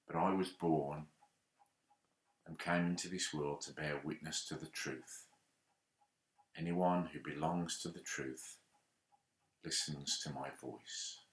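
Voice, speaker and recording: A man voicing a calm, solemn prisoner who answers quietly and steadily in a Bible story retelling. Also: a bass voice, takes it slowly, long pauses, reverberant.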